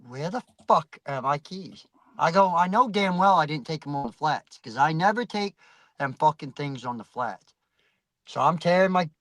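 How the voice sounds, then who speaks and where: A man's voice: fairly high pitch, a bit bright, no echo, low-quality recording. A man telling a rambling, profanity-heavy story in casual chat, acting out the voices of people he quotes.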